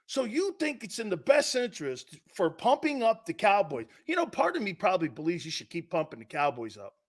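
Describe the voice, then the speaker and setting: A man's voice: sits high, wildly swooping pitch, fairly quick, few pauses. A man hosting a sports talk show, ranting in a sarcastic, mocking way. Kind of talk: opinionated sports talk rant.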